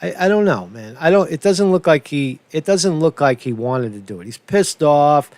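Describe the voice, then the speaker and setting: A man's voice: a little high, big pitch swings, normal speed, darkish tone, no echo. A man hosting a casual commentary show, swearing a lot, repeating himself and checking in with "right?". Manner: profane, repetitive, asks "right?" often.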